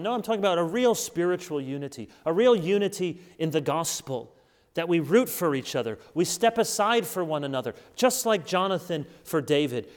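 A man preaching a sermon to a congregation in a church, earnest and emphatic, slowing down to stress key words. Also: on the high side, expressive, big-room sound.

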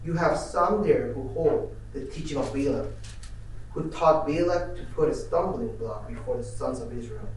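A man from the congregation reading scripture aloud in a steady, measured way. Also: a little high, slight background noise. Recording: echoey room, distant from the mic.

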